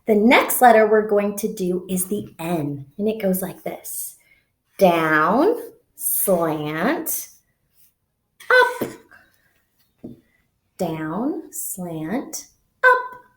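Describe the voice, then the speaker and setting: A woman teaching young children, speaking slowly in an exaggerated, sing-song teacher voice during make-believe play. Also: mid-range voice, big pitch swings, reverberant. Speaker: preschool teacher.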